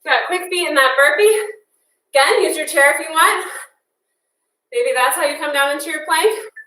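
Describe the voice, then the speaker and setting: Bright, high-voiced woman fitness instructor. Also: moderate pace. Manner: upbeat, encouraging, counts down and whoops. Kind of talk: live workout class cueing. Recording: echoey room, voice from a distance.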